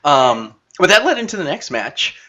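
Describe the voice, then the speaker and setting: A man co-hosting a casual podcast, talking excitedly in quick bursts. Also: a little high. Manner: excitable, talks in bursts with restarts. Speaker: podcast co-host. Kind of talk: casual wrestling chat.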